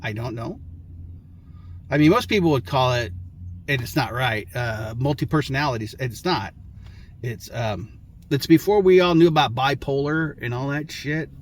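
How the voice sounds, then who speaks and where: A man's voice: medium pitch, animated, moderate pace, slight background noise. A man telling his own story to his viewers, talking casually and frankly, with lots of swearing, restarts and short laughs. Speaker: vlogger.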